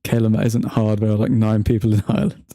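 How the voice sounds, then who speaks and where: A young man hosts a football watchalong livestream, trading jokes with the chat and laughing easily. His voice is mellow and warm, with a dry, close sound and an easy, casual delivery. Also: on the low side, lively intonation, fast, creaky, no room sound. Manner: joking banter, laughs often, talks to chat by name. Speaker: livestream host reading chat.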